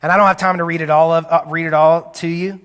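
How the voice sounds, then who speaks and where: A man's voice: on the high side, level tone, quick pace, a bit bright, clean tone. A man preaching a sermon as pastor, earnest and confessional, often restarting his sentences. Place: church sanctuary. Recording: long hall reverb.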